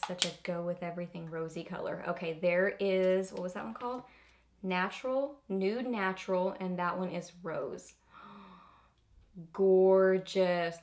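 A young woman beauty vlogger in casual unboxing chat, bubbly and gushing, often squealing with delight. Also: mid-range voice.

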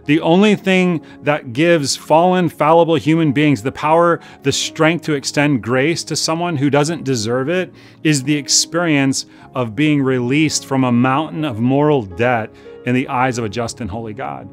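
A man preaching a sermon as pastor, earnest and pleading, slowing down to repeat key phrases for emphasis. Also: a little high, soft background music. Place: church service.

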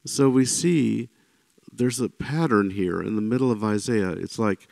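A man leads an informal Bible teaching in a conversational, chatty way, often checking in with his listeners. His voice sits a little low and carries a gravelly rasp. The sound is dry and close, with no room around it. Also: measured pace, no echo. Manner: conversational, often checks in with "right?" and "you know"; animated when voicing quoted speakers.

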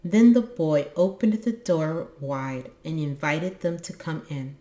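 Low-voiced woman, steady children's book narrator. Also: slow pace. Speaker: book channel host. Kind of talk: reading a children's book aloud.

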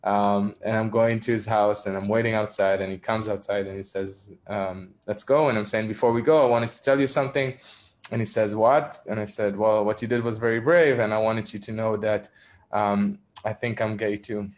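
A young adult man from Israel, an activist, candidly recounting a personal story in a virtual talk, with frequent ums and soft laughs. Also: on the low side, flat delivery, normal speed. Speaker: activist speaker. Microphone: video call.

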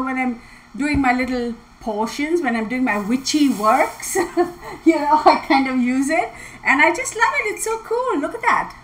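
A woman host, chatting casually on a livestream, bubbly and excitable, laughing often. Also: sits high, a little hiss or hum, rough recording. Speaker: tarot channel host.

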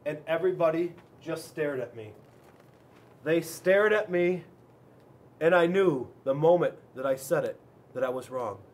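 A man, a police officer, reading a children's storybook aloud in an expressive, dramatic way with big swings in loudness. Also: a little high, measured pace, pauses often.

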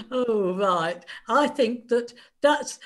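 English woman hosting a video-call panel. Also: a little high. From England. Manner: warm-hearted and laughing easily. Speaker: panel host.

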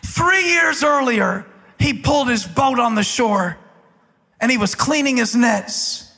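Husky impassioned preacher in a big hall. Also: male voice, very high voice, expressive, unhurried. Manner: impassioned preaching, builds to shouts. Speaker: pastor. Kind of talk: sermon. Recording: large hall with long reverb.

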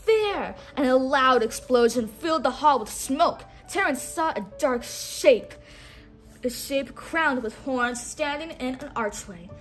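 A woman reading a storybook aloud expressively, pausing to have a listener repeat words. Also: high voice, a bit bright, faint music behind. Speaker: storybook reader. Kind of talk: read-along storytelling for a child.

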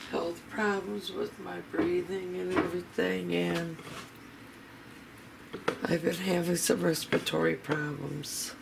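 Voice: medium pitch, creaky, noisy background. A home cooking vlogger demonstrating a recipe in a casual, chatty way in a kitchen, talking straight to the viewers.

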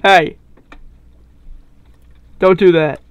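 A young gamer giving casual gameplay commentary through a headset, giggling a lot and yelping and shouting when things go wrong in the game. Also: mid-range voice, fairly even intonation, extremely slow, dull audio, slight background noise. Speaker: gaming commentator.

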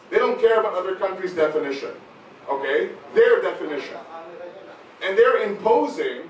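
A man with an American-sounding accent gives an emphatic forum talk and often tags his points with "okay?". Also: high voice. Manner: emphatic, keeps adding "okay?". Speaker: forum speaker. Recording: very echoey hall, far from the mic, faint noise.

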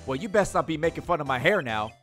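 A man's voice: fairly high pitch, lively intonation, fast talker, a bit bright, soft background music, voice pushed up. A man voicing a brash woman photographer with a Southern accent, drawling and folksy while reading game dialogue aloud. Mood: sassy.

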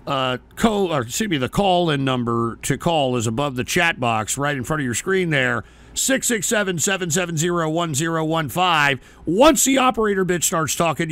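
A foul-mouthed man hosting a call-in stream, with a high voice full of gravelly fry. He is irritable and tips easily into shouting. The sound is close and dry. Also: lively intonation, normal speed, few pauses, no echo. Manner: profane, irritable, swings into shouted rants. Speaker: call-in show host.

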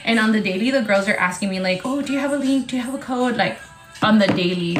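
A woman with a fairly high voice talks excitedly and casually on a live sales stream, swearing as she goes. Her voice rings in a very echoey room, with faint music playing behind her. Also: quick pace. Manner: excitable, chatty, swears freely. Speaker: TikTok live seller. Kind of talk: casual livestream sales chat.

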